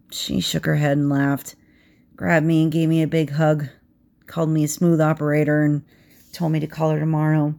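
A woman telling an intimate second-person romance story in a soft voice that slips into whispers. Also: low voice, creaky.

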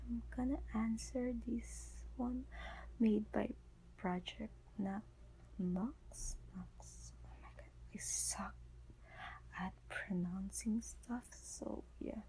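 A woman's voice: medium pitch, extremely slow, creaky, dark tone, a little hiss or hum, low-quality recording. A tired young woman whispering late at night as she answers viewer questions, rambling with lots of fillers and restarts. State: sleepy, tired voice.

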